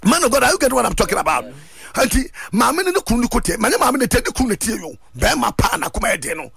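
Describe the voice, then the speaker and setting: A man preaching a sermon, switching between Twi and English and rising to shouts. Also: very high voice, sing-song, rapid-fire, gravelly. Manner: fervent, mixing Twi and English, shouting at peaks.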